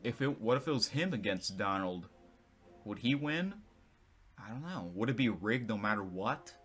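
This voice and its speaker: A man's voice: on the low side, lively intonation, moderate pace, fairly bright tone. A man vlogging in casual commentary, rambling with many restarts and self-corrections. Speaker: vlogger reading tweets.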